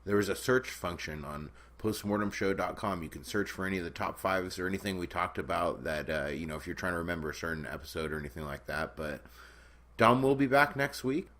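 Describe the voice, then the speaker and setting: A man's voice: low-pitched, fairly quick, fairly bright tone. A man co-hosting a podcast in casual chat, telling crude jokes and laughing often. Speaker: podcast co-host.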